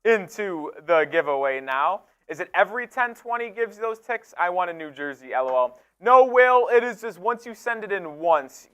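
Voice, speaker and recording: A young man co-hosting a live sports stream, reading viewer super chats in an energetic, casual way with loud excited bursts. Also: on the high side, clear, resonant tone.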